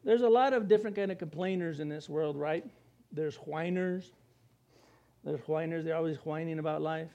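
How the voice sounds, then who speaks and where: A man's voice: on the high side, steady tone, fast, hardly any pauses, dark tone, muffled recording. A man preaching a conversational sermon, breaking into acted-out voices and chuckles. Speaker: pastor.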